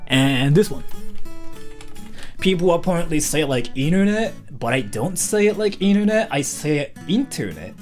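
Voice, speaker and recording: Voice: medium pitch, normal speed, soft background music. A young adult streamer from Japan, a native Japanese speaker with a mixed, hard-to-place English accent, chatting casually and rambling with lots of fillers. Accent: unusual mixed English accent, hard to place. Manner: rambling and animated, says freaking often.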